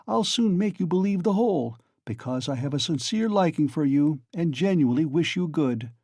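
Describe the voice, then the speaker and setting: A man's voice: a little high, animated, normal speed, warm tone, dry recording, clean studio sound. A man reading aloud and voicing a sly, genial male magistrate who coaxes and teases with mock friendliness. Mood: teasing. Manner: coaxing, insinuating, mock-friendly.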